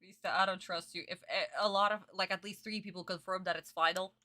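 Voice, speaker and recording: A young woman reacts to a dubbed cartoon on a stream in casual, exasperated chat with plenty of swearing and laughter. Her voice is bright and forceful, at a middle pitch for a woman. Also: fairly even intonation, brisk. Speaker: streamer reacting to an anime dub.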